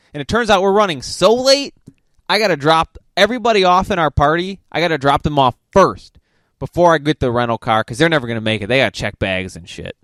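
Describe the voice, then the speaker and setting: A man's voice: a little high, a bit bright, dry recording, studio quality. A man hosting a podcast, telling a travel story in a casual monologue, swearing constantly and venting his frustration. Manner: profane, exasperated ranting. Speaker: podcast host.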